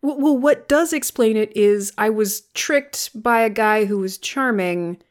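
A woman co-hosting a podcast, recapping a film in casual chat with sarcastic, animated storytelling and plenty of swearing. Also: fairly high pitch, measured pace. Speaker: podcast co-host.

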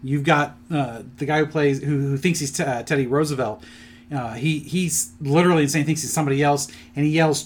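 A man's voice: on the high side, fairly quick. A middle-aged man on a podcast, rambling through a plot retelling with lots of fillers in a casual chat. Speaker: podcast co-host presenting his picks.

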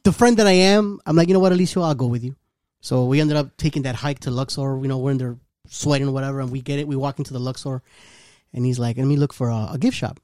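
Quick-talking man telling a story. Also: medium pitch, dry recording, studio quality. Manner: animated storytelling, acting out quotes. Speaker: storyteller in a group chat. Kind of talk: casual chat.

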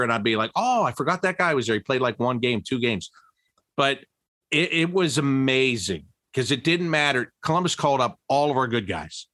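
A middle-aged man, a former broadcaster, telling stories in a casual interview, with many restarts and pitch that jumps up when he gets excited. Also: no echo, studio quality.

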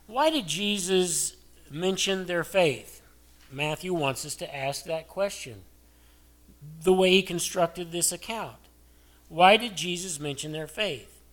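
An older male pastor preaching a sermon in a conversational way, asking his listeners many rhetorical questions. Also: fairly high pitch.

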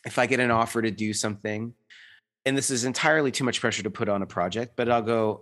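A man's voice: mid-range voice, fast talker, fairly bright tone. A man in his thirties talking in an earnest, rambling way, full of restarts and fillers, as a guest in a reflective conversation.

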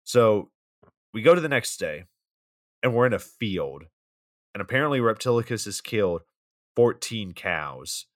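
A man's voice: fairly low pitch, very animated, unhurried, long pauses, no echo, studio quality. Wry, profane man recapping a movie. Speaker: podcast co-host.

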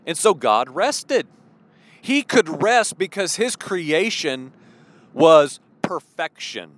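A man's voice: high-pitched, fairly bright tone. A man giving an earnest sermon-style teaching, full of rhetorical questions and restarts. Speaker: preacher.

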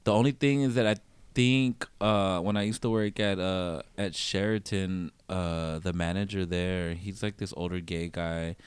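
A man with a low, smooth, resonant voice tells stories in a loose, rambling way, thick with fillers. He talks as a podcast guest and go-go dancer. The sound is dry and close. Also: steady tone, unhurried, dry recording. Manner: rambling, laughing, full of fillers. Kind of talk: casual storytelling.

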